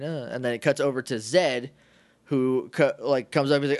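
A man co-hosting a casual podcast, recapping a TV episode with lots of laughter and quick acted-out asides. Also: mid-range voice, dry recording. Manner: excitable, laughs often, acts out lines in quick asides. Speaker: podcast co-host.

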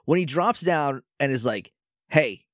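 A man's voice: fairly high pitch, animated, a little slow, no room sound, clean studio sound. A man co-hosting a podcast, casually recapping a show episode and acting out characters' lines with jokes. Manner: retells scenes by acting out lines, joking. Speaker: podcast co-host.

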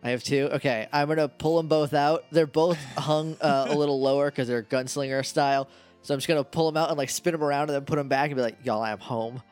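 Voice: medium pitch, fairly even intonation, quick pace, a little mellow, faint music behind. A player in a tabletop role-play, talking playfully and animatedly about her character's actions. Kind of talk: casual game chat.

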